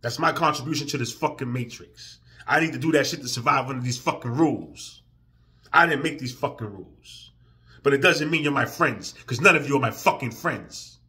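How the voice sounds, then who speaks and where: Emotional man ranting, bright voice. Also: mid-range voice, fairly quick. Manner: profane, swings from quiet and weary to loud and heated. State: emotional, near tears. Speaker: vlogger. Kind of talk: emotional vlog rant.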